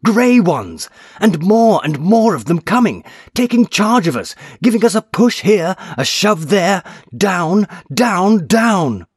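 A man's voice: mid-range voice, sing-song, unhurried, husky, dry recording, studio quality, voice pushed up. A man reading aloud voices a frightened middle-aged businessman who talks in raised, breathless urgency. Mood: frantic shouting.

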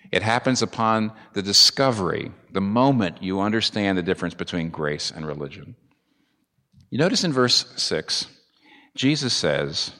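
A man's voice: low voice, fairly bright tone. A man preaching a sermon as a pastor, earnest and building to emphatic peaks. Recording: long reverb of a large hall.

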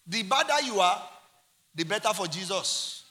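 Nigerian man, pastor preaching, high-pitched voice, echoing church hall. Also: moderate pace. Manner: animated preaching, swings from quiet asides to shouted climaxes. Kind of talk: sermon.

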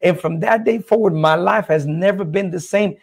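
A man's voice: high-pitched, moderate pace, vocal fry, husky. A man giving a personal faith testimony that turns into preaching, earnest, telling his story with lots of "listen" and "I'm like". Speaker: guest evangelist giving testimony.

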